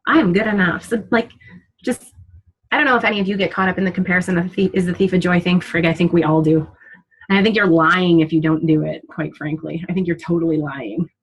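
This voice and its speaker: A woman in her thirties speaks on a team call as a fitness coach, open and emotional. She swears casually as she talks. Her voice has a husky edge. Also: fairly low pitch, steady tone, fast talker, low-quality recording. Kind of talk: motivational team call talk. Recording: call audio.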